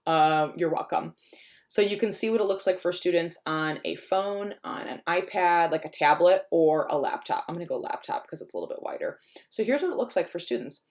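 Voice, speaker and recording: A woman with a low speaking voice walks through a screencast tutorial at her computer. She is chatty and thinks out loud as she goes, and keys clack behind her. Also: expressive, a little fast. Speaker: teacher. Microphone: computer mic while screen recording. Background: keyboard typing.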